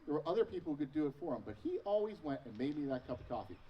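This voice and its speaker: A man's voice: fairly high pitch, big pitch swings, racing, husky, distant mic, lo-fi sound. A man in his thirties preaching a sermon as pastor, telling personal stories with self-mocking humor. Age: 30s.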